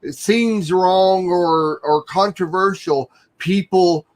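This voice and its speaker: A man hosting a talk show in a slow, easygoing, joking way. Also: sits high, low-quality recording. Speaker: show host. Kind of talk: casual talk show chat.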